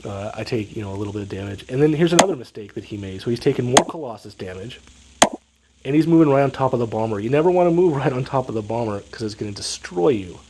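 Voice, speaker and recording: A man's voice: medium pitch, a little mellow, a little hiss or hum, poor audio. Stuffed-up man commenting on gameplay. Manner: analytical, explaining moves step by step. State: stuffed up, sniffling. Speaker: strategy game commentator.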